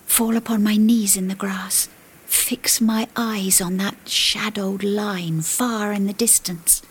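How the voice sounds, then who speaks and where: A woman narrating a first-person tale in a hushed, breathy whisper with old-fashioned phrasing. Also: medium pitch. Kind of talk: whispered storytelling.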